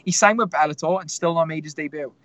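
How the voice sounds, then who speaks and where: A man's voice: on the high side, fast talker, a bit bright, no echo, muffled recording. A man, a fighter telling stories in a casual interview, rambling with lots of fillers. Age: 20s. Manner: rambling storytelling with many fillers. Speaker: MMA fighter guest.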